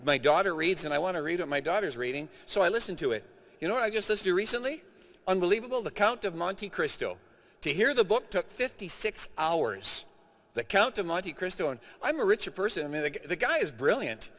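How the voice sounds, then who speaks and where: A middle-aged man from Canada delivers a keynote in a big conference hall, his fairly high voice carrying a long reverb tail. He speaks with animated emphasis, pressing points home to the crowd. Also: fast. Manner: animated, emphatic speaker addressing a live audience.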